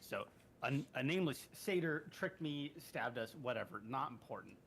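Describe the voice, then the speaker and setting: A mid-pitched man playing a tabletop game, a little drunk and slurring slightly. He rambles and corrects himself as he recaps. A faint hiss sits behind him. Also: animated, normal speed, creaky, a bit bright. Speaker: player. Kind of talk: casual tabletop game chat.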